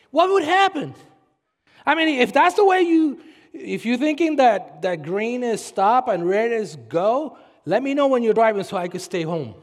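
A man preaching a sermon as pastor, animated, with sudden shouts and mocking put-on voices. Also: extremely high pitch, long reverb tail.

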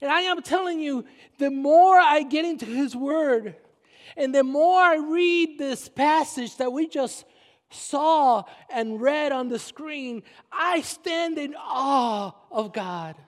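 Puerto rican pastor, really high voice, slow emphatic preaching, big echo off the church hall. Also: male voice. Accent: Puerto Rican Spanish. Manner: emphatic, repeats phrases and slows down for stress. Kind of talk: sermon. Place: church sanctuary. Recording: long reverb of a church hall.

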